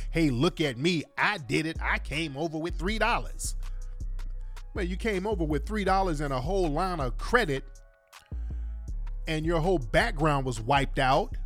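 A man with a somewhat high voice delivers impassioned commentary to his viewers. He talks emphatically and keeps checking in with his audience through repeated catchphrases. Faint music plays quietly beneath him. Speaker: online commentator.

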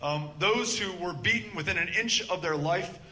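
A man answering a question at a town hall, measured and earnest with frequent filler pauses. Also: high voice, sharp tone. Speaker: politician.

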